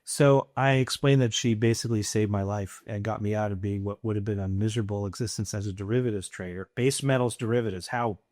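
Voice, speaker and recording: A middle-aged man, an entrepreneur guest on a podcast, telling casual stories with lively anecdotes and acted-out dialogue. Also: lowish voice, fairly quick, few pauses, no room sound, studio quality.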